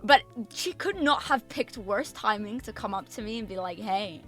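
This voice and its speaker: Bright, animated woman telling a story. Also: medium pitch, moderate pace, faint music behind. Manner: animated, swearing, emphatic repetitions. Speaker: VTuber streamer. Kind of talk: casual storytelling chat.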